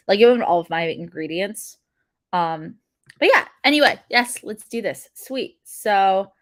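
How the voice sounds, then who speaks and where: A woman's voice: medium pitch, a bit bright, dry recording, studio quality. Chatty young woman hosting a coding stream. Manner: chatty, filler-heavy, laughs often. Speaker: livestream coding host. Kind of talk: casual livestream chat while coding.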